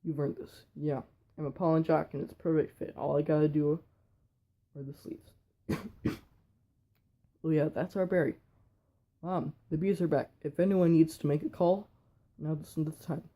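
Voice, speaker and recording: A man reading a whole film script aloud in a quick, flat way with slips. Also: on the high side. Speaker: reader.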